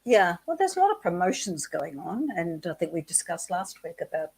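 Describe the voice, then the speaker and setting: A woman's voice: on the low side, sing-song, normal speed, breathy edge. A woman co-hosting a live chat stream, talking in a teasing, conversational way. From Australia. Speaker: co-host.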